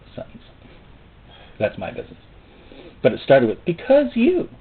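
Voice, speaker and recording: A man preaching a sermon in an animated way, often acting out God's voice and the people he quotes. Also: a little high, normal speed, pauses often, husky. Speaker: pastor. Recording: phone-like narrow sound.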